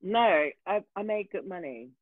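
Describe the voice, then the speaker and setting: A woman telling a story in casual talk, animated and profane, with many fillers and restarts. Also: medium pitch, normal speed, no room sound. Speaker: guest. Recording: tinny phone-like dry sound.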